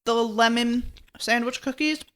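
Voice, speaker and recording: A woman's voice: on the high side, a little slow, a bit bright. Chatty woman cohost, upbeat, laughs a lot. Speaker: co-host. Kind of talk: casual chat, tasting cookies.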